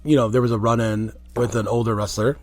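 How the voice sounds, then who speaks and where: A man, a former wrestler, telling rambling, animated stories in a casual interview. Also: mid-range voice, fast talker, dry recording. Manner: rambling, animated anecdotes with quoted voices.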